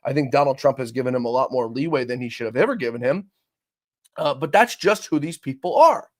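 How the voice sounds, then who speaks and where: A man's voice: mid-range voice, fairly quick. A man hosting a political show, giving opinionated commentary and talking straight to his viewers. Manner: animated, swings loud and soft, addresses viewers directly. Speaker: show host.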